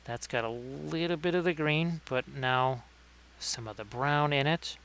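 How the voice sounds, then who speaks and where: A man's voice: mid-range voice, a little slow, vocal fry, fairly bright tone, slight background noise. A man hosting a casual livestream painting tutorial, chatting with viewers by name between painting tips. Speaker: miniature painting streamer.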